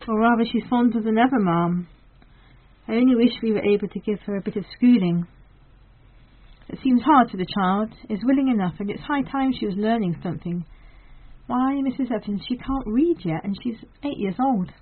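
A woman's voice: on the high side, normal speed, breathy edge. Brief: a woman voicing a humble weaver worrying over his daughter; tinny audio. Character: poor weaver father with a bad chest. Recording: thin phone-like sound.

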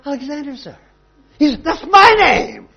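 A man voicing a stern, commanding ancient conqueror-king, raising his pitch to bark demands and then slowing down for stern warnings. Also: huge pitch swings, gravelly, slightly rough, highs cut off, full character voice. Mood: demanding. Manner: shouting then slow and stern.

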